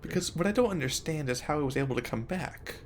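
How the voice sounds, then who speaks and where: A man's voice: fairly high pitch, animated, quick pace, a little hiss or hum. A man playing a video game, casually thinking aloud and reading in-game text to a friend. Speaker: game streamer. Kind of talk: casual gameplay chat.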